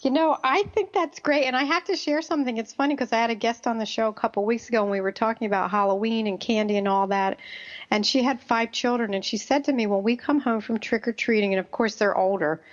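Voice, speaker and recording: A woman's voice: fairly high pitch, fast, highs cut off. A woman hosting a radio show, chatty and friendly, who laughs easily. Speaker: radio host. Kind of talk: radio interview.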